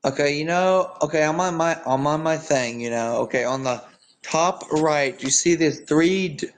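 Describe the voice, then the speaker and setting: A man's voice: a little high, moderate pace. A young man chatting casually, laid-back, walking a friend through steps. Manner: laid-back, gives step-by-step instructions. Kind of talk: casual group chat.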